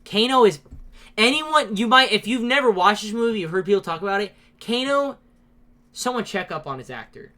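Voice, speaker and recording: Excitable podcast host with a mid-pitched voice, swearing through a casual movie rant. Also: moderate pace. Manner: profane, ranting, excitable; laughs often while talking. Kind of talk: casual movie-review chat.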